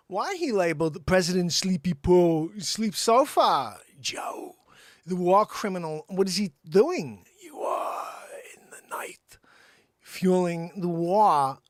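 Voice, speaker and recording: A man doing a halting, eerie celebrity-actor impression. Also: high voice, fairly bright tone, dry recording, heavily acted. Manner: slow, oddly paused, drops into whispers. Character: impression of a famous actor, halting and odd, reading news.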